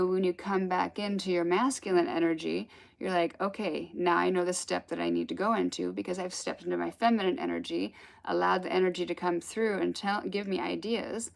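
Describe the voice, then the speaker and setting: Woman with a gravelly, low voice. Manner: rambling, chatty storytelling with laughs. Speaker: spiritual teacher. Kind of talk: casual spiritual talk.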